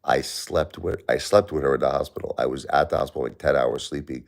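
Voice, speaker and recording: A man's voice: rumbling low, steady tone, brisk. A middle-aged man hosting a livestream, talking to his chat about his grief, turning heated and indignant when angry. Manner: grieving, talks straight to chat viewers. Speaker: livestream host. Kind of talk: emotional livestream talk to chat.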